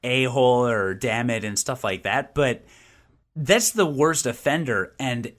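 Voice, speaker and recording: A young man co-hosting a casual gaming podcast, talking in an opinionated, animated way with frequent restarts. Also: mid-range voice, measured pace. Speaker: podcast co-host and game reviewer. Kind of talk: casual chat.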